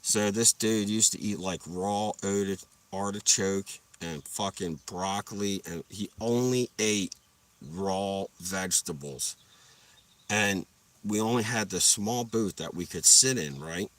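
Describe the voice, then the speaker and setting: A man's voice: low voice, measured pace, fairly bright tone, far from the mic. A young man telling rambling, profane stories while sitting in his parked car, laughing at his own jokes. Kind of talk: casual storytelling livestream.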